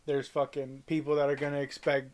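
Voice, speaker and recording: A man's voice: mid-range voice, completely flat delivery, fairly quick, darkish tone. A man co-hosting a review podcast in casual chat, rambling and hesitant with many fillers. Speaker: podcast co-host.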